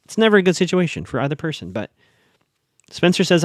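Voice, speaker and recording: A man hosting a solo podcast, recapping a TV episode in casual, animated talk with fillers, restarts and blunt asides. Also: a little high, fast talker, dry recording, studio quality.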